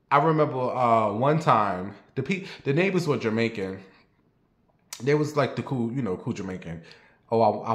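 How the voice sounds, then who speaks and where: A man's voice: on the low side, fairly bright tone. Rambling New man, roomy echo. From New York. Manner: rambling, blunt and profane, talks straight to viewers. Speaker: vlogger. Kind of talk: casual storytelling monologue.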